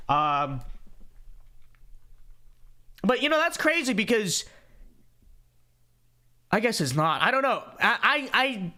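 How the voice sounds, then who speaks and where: A young man hosting a livestream podcast, chatting casually, rambling and repeating words with sudden animated outbursts. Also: sits high, takes it slowly, pauses often. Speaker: podcast host.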